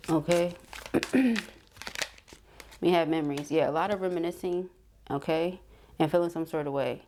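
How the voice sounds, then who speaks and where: A woman's voice: low-pitched, normal speed, noisy background. A woman giving a tarot reading, reading card messages aloud and checking in with the listener with frequent "okay?" asides. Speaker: tarot reader.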